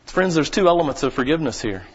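A man pastor delivers a sermon in a folksy, direct way, asking the congregation questions and swelling into loud, urgent peaks. His voice sits a little high for a man. The recording is dull and lo-fi. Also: animated, quick pace, breathy edge. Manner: preaching with sudden rises to shouting.

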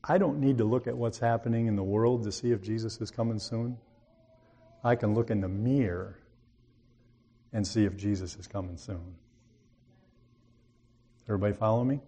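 A man delivering a sermon in a low, mellow voice, with a warm and unhurried tone. He tells his story in a plain, folksy way. Now and then he builds to an emphatic appeal to his listeners. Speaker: preacher.

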